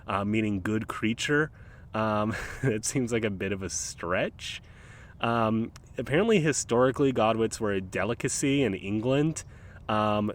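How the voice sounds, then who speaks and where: A low-voiced man hosts his nature podcast in an easygoing, chatty way, sprinkling his talk with ums and uhs. He records outdoors at the water's edge in a park. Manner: laid-back, rambling, frequent ums and uhs. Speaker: podcast host. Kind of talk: casual solo nature podcast.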